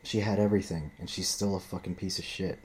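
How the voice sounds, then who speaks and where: A man's voice: low voice, fairly even intonation, quick pace, darkish tone, slight background noise. A man ranting in a profane, rambling monologue, often restarting and repeating himself.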